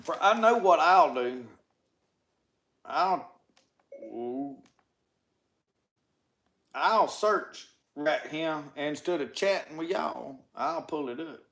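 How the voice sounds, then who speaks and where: A man with a Mississippi drawl spins folksy tall tales. His voice sits high for a man. He keeps looping back with "said.". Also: expressive, slow pace, creaky, pauses often, fairly bright tone. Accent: Southern US, Mississippi. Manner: drawling, repeats "said" constantly. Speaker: storyteller. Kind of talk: folksy tall-tale storytelling.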